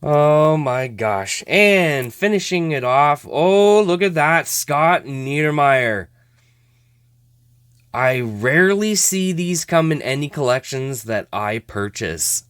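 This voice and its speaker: A man talks through a card-opening session in a relaxed, chatty manner. His pitch swings widely as he exclaims over finds and laughs at himself. He speaks slowly, and the voice sounds dry and close. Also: smooth, dry recording. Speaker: host of a hockey card opening show. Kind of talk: casual card-opening commentary.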